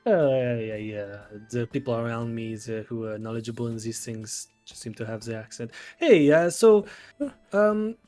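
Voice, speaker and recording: A man playing a charming male artificer with mechanical arms, speaking with a put-on French accent and a theatrical, flattering manner. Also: mid-range voice, normal speed, faint music behind, natural voice. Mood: evasive. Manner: theatrical, smooth-talking, flattering. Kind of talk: tabletop role-play in character.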